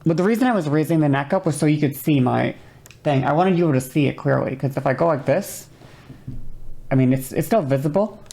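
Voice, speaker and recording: A woman's voice: low voice, expressive, fairly quick, creaky, warm tone. A woman streamer chatting casually about voice technique, rambling with many restarts and apologies. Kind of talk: casual livestream chat explaining voice technique.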